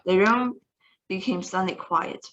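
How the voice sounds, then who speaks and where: A woman narrates a children's novel aloud. Her delivery is steady and expressive, as in an online reading session. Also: medium pitch, measured pace, dull audio. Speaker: storybook reader.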